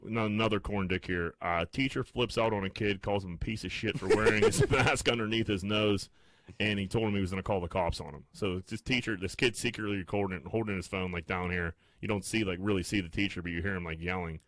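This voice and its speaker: Fast-talking, low-voiced profane man. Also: dry recording. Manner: profane, animated storytelling. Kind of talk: casual chat.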